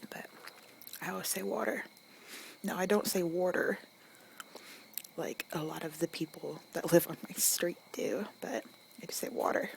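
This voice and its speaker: A young woman with an Arkansas accent in a whispered ASMR accent tag, chewing gum and musing softly, recorded outdoors at night on a phone mic. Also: fairly low pitch, moderate pace, gravelly, pauses often, a little hiss or hum. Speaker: ASMR creator. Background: distant cars and crickets.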